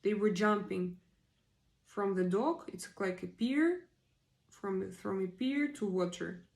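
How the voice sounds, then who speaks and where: A woman's voice: medium pitch, slow pace, vocal fry, a little mellow, rough recording. A woman in her forties with non-native English, chatting on a live stream and hesitantly repeating vocabulary words aloud. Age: 40s. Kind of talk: casual live-stream chat, practicing vocabulary.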